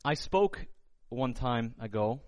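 A middle-aged man preaching a sermon earnestly, slowing and dropping low on key words. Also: animated, a little mellow, no room sound. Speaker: pastor.

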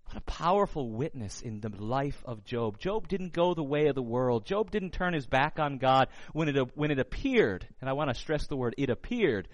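A middle-aged man preaching a sermon earnestly, slowing and dropping low on key words. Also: dry recording. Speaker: pastor.

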